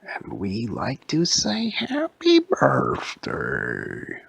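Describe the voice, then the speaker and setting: A man voicing a polite, gentle animatronic robot bear in a soft, half-whispered bedtime story voice. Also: mid-range voice, wildly swooping pitch, drawn-out words, creaky, husky, exaggerated voice. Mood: friendly.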